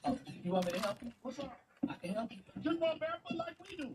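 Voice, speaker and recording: Comic pet voice-over: woman voicing a cheeky, bossy pet, high and very lively. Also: fast. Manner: sassy, playful, bossy running commentary. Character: sassy chatty pet animal, excitable and cheeky. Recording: home video with clear background noise.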